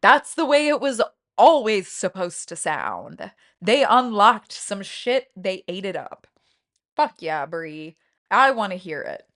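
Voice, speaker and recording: A woman hosts a comedy podcast, swearing freely and telling self-mocking stories with animated swings of energy. Her voice sits mid-range and sounds close and dry, with no room around it. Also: medium pitch, takes it slowly, dry recording. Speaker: podcast host. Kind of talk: casual comedy podcast chat.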